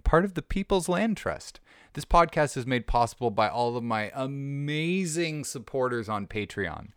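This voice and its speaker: A man's voice: medium pitch, smooth, no room sound. A man hosting a podcast, talking casually in a rambling, jokey way with restarts, recorded in a studio. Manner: rambling, self-interrupting, jokey. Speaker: podcast host. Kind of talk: casual monologue.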